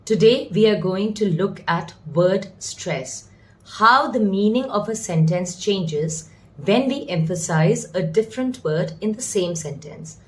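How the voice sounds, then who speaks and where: A young woman teaching a spoken English lesson, talking clearly and deliberately and stressing single words to demonstrate. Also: mid-range voice, lively intonation.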